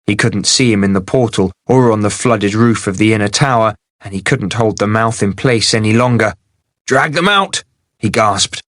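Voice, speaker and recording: A man narrating a fantasy novel in a steady, measured audiobook reading. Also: fairly low pitch, dry recording, studio quality.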